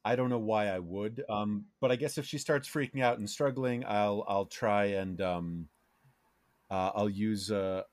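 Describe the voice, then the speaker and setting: A man's voice: lowish voice, fairly even intonation, unhurried, dry recording, clean studio sound. A man playing in a tabletop game, speaking hesitantly with many fillers. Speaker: player. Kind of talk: casual tabletop play.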